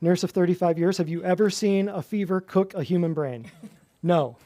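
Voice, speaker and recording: A man teaching a small audience, animated, quizzing them and joking as he goes. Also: sits high, moderate pace. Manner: animated, asks the audience questions, jokes and laughs. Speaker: natural health practitioner teaching a class. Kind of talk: lively lecture to a small audience. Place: office room with a small live audience.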